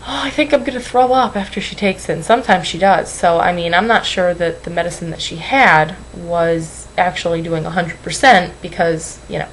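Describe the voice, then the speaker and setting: Young woman, lowish voice, rambling and apologetic, tearful, webcam mic, faint hiss. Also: fairly even intonation, moderate pace, few pauses, fairly bright tone, poor audio. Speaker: weight-loss vlogger. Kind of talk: emotional webcam vlog.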